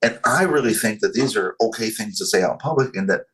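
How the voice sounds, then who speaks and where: A man in his forties from North Carolina with a Southern accent, telling his story as a podcast guest in a slow, controlled way. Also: on the low side, lively intonation, a bit bright. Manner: slow, controlled, deliberate delivery.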